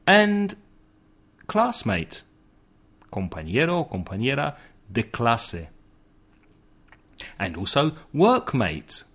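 A middle-aged man hosting a lesson podcast. He talks slowly and clearly, spelling words out one letter at a time. His voice stays in a middle pitch and moves up and down a lot as he acts out everyday phrases. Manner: slow, deliberate, spells words out, animated example lines. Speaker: English teacher, podcast host. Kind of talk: scripted language lesson.

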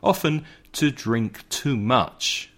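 A middle-aged man hosting a lesson podcast. He talks slowly and clearly, spelling words out one letter at a time. His voice stays in a middle pitch and moves up and down a lot as he acts out everyday phrases. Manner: slow, deliberate, spells words out, animated example lines. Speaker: English teacher, podcast host. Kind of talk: scripted language lesson.

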